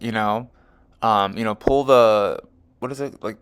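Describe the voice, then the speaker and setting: An astrology and tarot reader, a man with a lowish, fairly bright, clean voice, goes through a chart at a measured pace. His monologue is casual and rambling, packed with "um" and "you know," and he keeps correcting himself.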